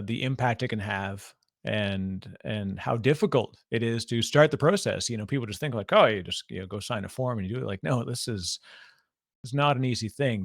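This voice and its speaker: A man hosts a casual podcast conversation in a gravelly voice. He tells animated stories, acting out quoted people, and laughs often. The sound is dry and close. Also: medium pitch, dry recording. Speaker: podcast host. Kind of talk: casual interview chat.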